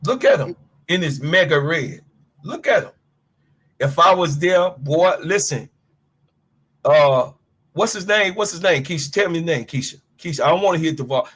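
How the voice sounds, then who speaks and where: A man's voice: a little high, expressive, normal speed, long pauses, a bit bright, husky. A middle-aged man from Chicago giving a fiery, profane sports rant to his livestream chat. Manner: fiery, profane, preachy, talks straight to chat.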